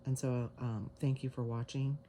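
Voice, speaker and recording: A woman giving a casual tarot reading to camera, excited and emotional, with sighs. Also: very deep voice, normal speed, a little hiss or hum. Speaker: tarot reader. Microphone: camera mic.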